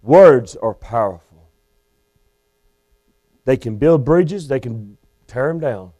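A man's voice: medium pitch, animated, slow pace, mellow. A male Baptist preacher delivering a sermon in a church, urgent and pleading with his listeners. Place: church sanctuary.

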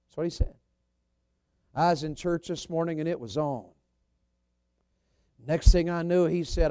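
A man preaching a sermon at a church service, swinging from loud emphatic calls down to quiet, gentle asides. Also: on the high side, moderate pace, long pauses, dry recording. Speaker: evangelist preacher.

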